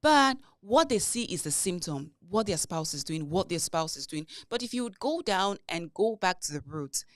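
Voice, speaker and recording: A woman co-hosting a podcast in casual chat, animated and telling stories with heavy emphasis. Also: fairly low pitch, normal speed, few pauses, no echo. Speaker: podcast co-host.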